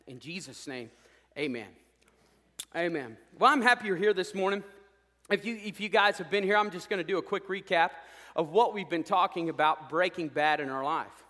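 A man preaching a sermon as pastor, fired up and swinging between loud declarations and hushed asides. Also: high-pitched, normal speed, big-room sound. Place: church sanctuary.

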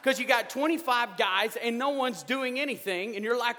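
A man preaching a sermon, animated and joking, with sudden loud outbursts. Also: sits high, brisk, hardly any pauses. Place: church sanctuary. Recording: reverberant church hall.

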